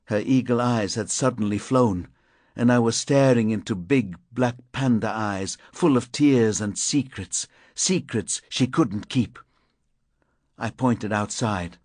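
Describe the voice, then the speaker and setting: A man reading a crime thriller audiobook in measured, grim first-person narration. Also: on the low side, darkish tone, dry recording. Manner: measured, grim, deliberate delivery.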